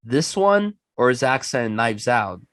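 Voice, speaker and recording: A man's voice: medium pitch, big pitch swings, unhurried, a bit bright, dry recording. A man hosting a film podcast, talking in an effusive, enthusiastic, casual way. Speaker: podcast host.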